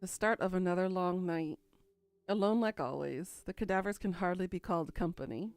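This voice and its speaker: A woman's voice: lowish voice, moderate pace, darkish tone, clean tone, no echo. A woman narrating a first-person story in a dry, musing, inward way.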